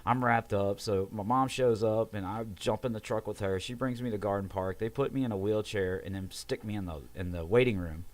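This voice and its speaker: Young man, low-pitched, casual storyteller who acts out every voice. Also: fairly quick, hardly any pauses. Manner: animated, acts out quoted voices, swears. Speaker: podcast guest telling a story.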